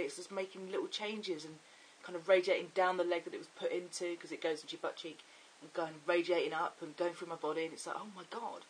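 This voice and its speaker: A young man chatting excitably and rambling in a casual video diary. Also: high voice, a little hiss or hum, rough recording. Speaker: vlogger.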